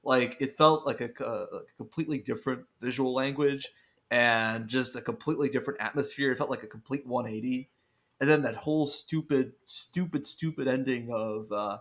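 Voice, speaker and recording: A man's voice: mid-range voice, steady tone, normal speed, fairly bright tone. A man in casual podcast chat, blunt and sweary, laughing often and stacking fillers as he reviews a film. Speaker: podcast guest film critic.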